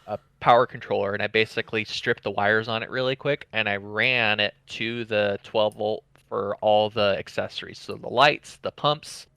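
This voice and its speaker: A man who is a guest on an online podcast, telling a story in a relaxed way, laughing and filling pauses over a voice call. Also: fairly low pitch, creaky, clear, resonant tone, no echo. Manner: relaxed, laughs, many fillers. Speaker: podcast guest, memory company rep. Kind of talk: casual storytelling chat.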